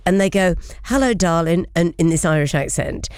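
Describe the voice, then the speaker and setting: Lady host, chatty, laughs a lot, lowish voice, dry sound. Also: brisk, a little mellow, dry recording. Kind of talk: casual panel chat.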